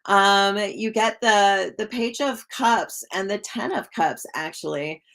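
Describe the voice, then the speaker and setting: A woman giving live-stream tarot readings in a chatty, gushing way, full of likes and ums and quick laughs. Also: medium pitch. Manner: chatty, warm to viewers, laughs often. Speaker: tarot reader.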